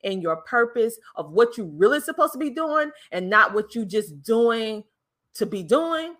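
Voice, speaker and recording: A woman's voice: a little high, sing-song, a little slow, fairly bright tone. A woman hosting a podcast, giving an emphatic motivational talk and stretching the words she stresses. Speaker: podcast host. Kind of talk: motivational speaking.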